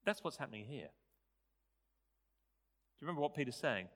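A man preaching a sermon, animated and rising to loud, emphatic peaks. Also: medium pitch, unhurried. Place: church. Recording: church hall reverb.

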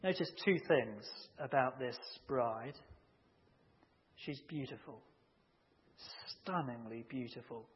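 A man's voice: mid-range voice, animated. Male preacher, emphatic sermon delivery, muffled lo-fi hall recording. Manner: measured, emphatic, building to loud acted shouts in anecdotes. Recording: muffled audio with long hall reverb.

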